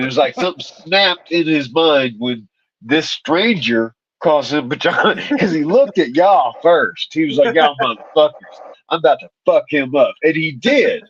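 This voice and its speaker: A man with a fairly high voice tells a wild, foul-mouthed story and laughs along. The audio is dull and lo-fi, with a dry, close sound. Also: unhurried, husky, no room sound. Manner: profane, animated, laughing. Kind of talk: casual storytelling chat.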